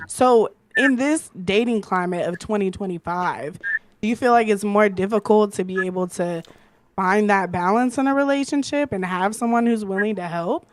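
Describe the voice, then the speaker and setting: A woman's voice: mid-range voice, normal speed, dry recording. Woman podcast host, chatty and affirming, dry close sound. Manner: affirming, conversational, thinks aloud with restarts. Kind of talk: podcast interview.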